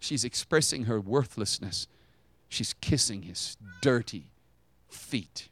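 A man preaching a sermon, retelling a story dramatically and swinging between loud high bursts and hushed low passages. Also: animated, slow pace.

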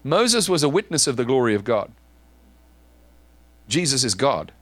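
A man preaching a sermon in an animated, emphatic way, often repeating words as he restarts. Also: mid-range voice, normal speed, no room sound. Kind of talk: sermon teaching.

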